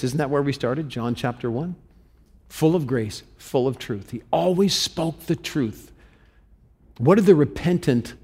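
A man preaching an animated sermon as pastor, asking the congregation questions and repeating himself as he builds his points. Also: medium pitch. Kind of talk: interactive sermon. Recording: long hall reverb.

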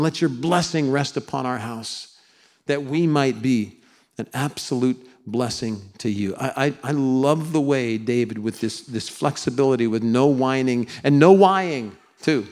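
A man preaching a sermon to a congregation, slowing down to read scripture together and putting on whiny high voices to make a point. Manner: animated preaching, mimics whining voices in a high pitch; slows down for congregational scripture reading. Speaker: pastor. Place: church sanctuary with congregation.

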